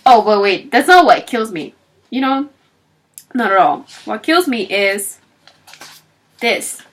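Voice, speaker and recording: A woman talks casually about a novel she just finished, retelling scenes and playing out characters' lines as she goes. Her voice sits a little high and swings widely in pitch. She keeps it chatty and loose, full of fillers. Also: slow, a little hiss or hum. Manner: animated storytelling, acting out characters' lines; chatty with frequent fillers and laughs. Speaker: book reviewer. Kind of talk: casual book talk.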